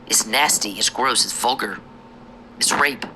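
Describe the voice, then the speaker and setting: A woman delivering an angry, profane monologue, accusing and insulting someone, sometimes sinking into a hushed whisper. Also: rumbling low, measured pace, a little hiss or hum, low-quality recording. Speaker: vlogger.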